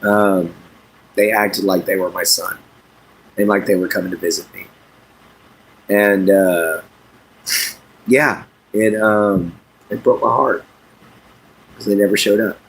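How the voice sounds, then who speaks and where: A middle-aged man from Southeast Texas, chatting casually and haltingly with his livestream viewers by name, with lots of fillers. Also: fairly low pitch, steady tone, husky. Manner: unhurried, halting, many fillers, talks to chat by name. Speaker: livestream host.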